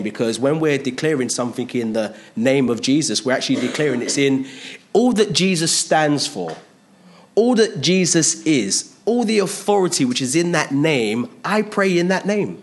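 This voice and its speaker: A man's voice: a little high, sing-song, normal speed. A man preaching a sermon in a conversational way, stressing points by repeating phrases.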